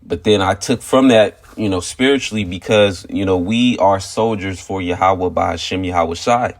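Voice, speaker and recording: Man, lowish voice, informal spiritual testimony, rambling storyteller, filler-heavy, emphatic. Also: normal speed. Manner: rambling storyteller, constant "you know" fillers; emphatic, repeats "okay" and "all right" to drive points home. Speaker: religious teacher sharing a testimony.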